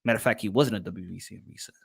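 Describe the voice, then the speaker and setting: A man's voice: lowish voice, rapid-fire, creaky, breathy edge. A man hosting a casual boxing livestream, reading out chat and posing rhetorical questions, often repeating himself. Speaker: boxing show host.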